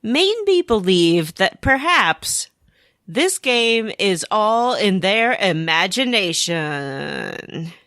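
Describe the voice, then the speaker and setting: A woman's voice: mid-range voice, very animated, very slow, a bit bright, dry recording, studio quality. A woman co-hosting a casual gaming podcast, playfully spinning theories. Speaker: podcast co-host. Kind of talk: casual chat about a video game.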